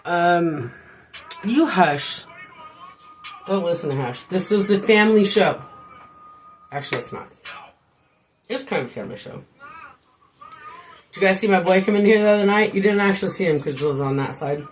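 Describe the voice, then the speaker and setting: A woman's voice: on the low side, animated, a little fast, long pauses, slight background noise. A woman streamer chatting casually to her viewers, laughing often and swearing freely as she tells stories. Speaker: live streamer. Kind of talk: casual chat on a live stream.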